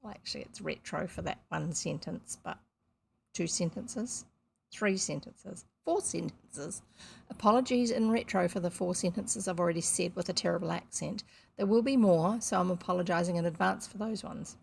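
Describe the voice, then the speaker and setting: A woman's voice: fairly low pitch, moderate pace, creaky, slight background noise. A woman from New reading a children's novel aloud on camera, with chatty, self-deprecating asides. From New Zealand. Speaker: audiobook reader on video. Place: seated indoors reading at camera.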